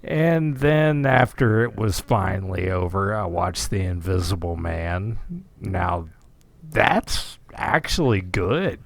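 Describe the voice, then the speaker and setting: A man's voice: low voice, animated, slow pace, gravelly, dry recording. A man co-hosting a casual movie chat podcast, laid-back and chuckling as he lists what he watched. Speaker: podcast co-host.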